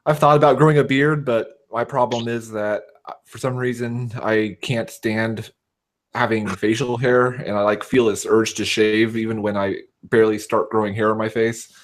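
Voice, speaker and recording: Low-voiced West Coast American man. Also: little pitch movement. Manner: halting, lots of "uh" fillers. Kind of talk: casual chat.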